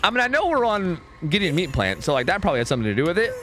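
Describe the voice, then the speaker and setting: A young man streaming a game, talking casually and swearing as he thinks out loud. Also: high-pitched, rapid-fire, soft background music. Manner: animated, profane, thinks out loud. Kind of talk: casual live-stream gameplay commentary.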